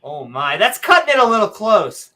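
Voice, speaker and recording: A woman's voice: medium pitch, very animated, moderate pace, loud music behind the voice. A woman co-hosting a casual livestream chat, joking and rambling with chuckling asides. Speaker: co-host.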